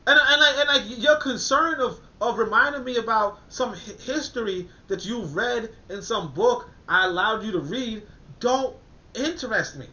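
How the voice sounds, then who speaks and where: Man, high voice, AAVE, rambling and stammering, muffled lo-fi audio. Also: normal speed. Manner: animated, rambling, frequent stammered restarts. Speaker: commentator reviewing a document. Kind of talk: casual commentary with reading aloud.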